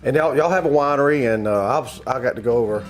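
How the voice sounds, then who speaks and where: A man's voice: medium pitch, fast talker. A man with a Southern US accent hosting a cooking show, chatting casually with many fillers and restarts. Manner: rambling, hesitant, many fillers.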